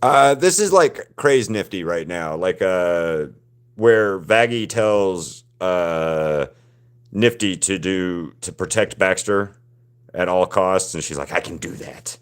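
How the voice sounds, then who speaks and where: A man's voice: low voice, animated, smooth. A man hosting a live drawing stream, chatting casually with viewers and often restarting his sentences. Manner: halting, frequent restarts and repeated words.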